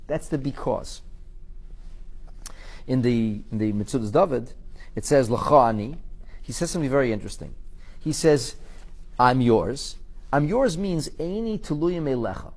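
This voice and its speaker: Husky, lively man teaching Torah. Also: medium pitch, moderate pace, long pauses. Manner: expressive, quoting and translating Hebrew verses. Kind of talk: live-streamed Torah class.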